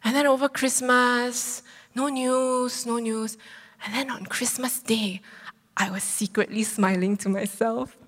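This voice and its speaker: A woman in her thirties preaching, telling a personal story with lively acted-out quotes. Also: a little high, unhurried. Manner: animated storytelling, acts out quotes. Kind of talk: sermon testimony. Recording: long hall reverb.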